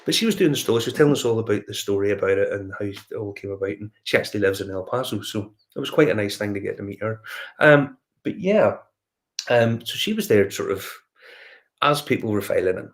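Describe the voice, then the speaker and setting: A man with a Northern Irish accent chats casually as a whiskey show host, his voice sitting a little low. He tells his stories in a loose, rambling way, stopping for fillers and restarting his sentences. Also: lively intonation, fast talker. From Northern Ireland. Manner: rambling anecdotal storytelling with many fillers and restarts. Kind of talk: casual chat.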